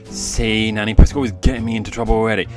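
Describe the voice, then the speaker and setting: A man voicing a flustered, bossy woman prime minister who keeps telling people to hush, with faint guitar music behind him. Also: lowish voice, level tone. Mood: scolding. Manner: scolding and hurried.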